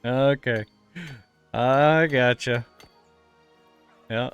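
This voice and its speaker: Slow-talking, teasing male streamer. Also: mid-range voice, clean tone, no room sound, lo-fi sound, soft background music. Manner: playful, teasing questions about pronunciation. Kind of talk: casual chat with live chat.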